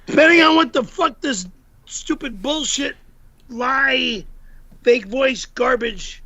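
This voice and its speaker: A man talks on a live stream in a very high, sharp voice with a gravelly edge. He drawls slowly and snaps short, profane complaints. The mic is dull and lo-fi, with faint noise behind him. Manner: grumpy, profane outbursts.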